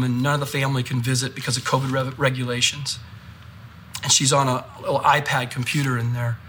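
A male pastor preaching a sermon, telling stories in an animated way and repeating phrases for emphasis. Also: mid-range voice, a little hiss or hum.

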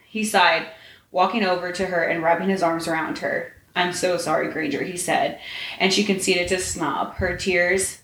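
A woman's voice: lowish voice, fairly bright tone. Woman reading a story in an echoey room. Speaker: podcast host. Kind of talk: reading fan fiction aloud. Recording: roomy echo, faint noise.

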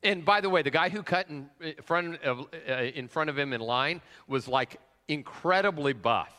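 Fairly high in pitch and sharp in tone, this pastor keeps a moderate pace with few pauses. He tells a personal story in a conversational sermon, leaning on "uh" fillers and putting questions to the congregation, all echoing through a large hall's long reverb.

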